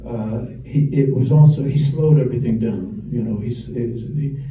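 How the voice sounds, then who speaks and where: Older toronto guy over a tinny phone line, distant and roomy, talks slow and wry, lots of restarts. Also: medium pitch, slight background noise. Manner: measured, thoughtful, wry, frequent restarts. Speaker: film director. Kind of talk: interview answers.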